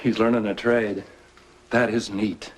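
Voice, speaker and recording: A man's voice: lowish voice, little pitch movement, a little slow, close to an everyday voice. An actor playing a teasing, affectionate husband and father in a soap opera, from an old TV tape with faint hiss. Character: playful loving husband, adult man.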